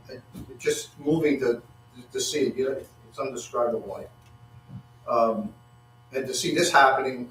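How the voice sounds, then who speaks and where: A man preaching a sermon, halting and repeating words, acting out quotes with rising excitement. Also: mid-range voice. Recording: echoey room from far off with faint hum.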